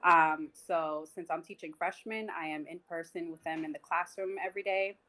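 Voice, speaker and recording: A high school teacher in her twenties joins a casual podcast conversation as a guest over a video call, speaking earnestly and thoughtfully. Her voice is lowish, fairly even in intonation, pushed and bright, at normal speed, and the recording is rough.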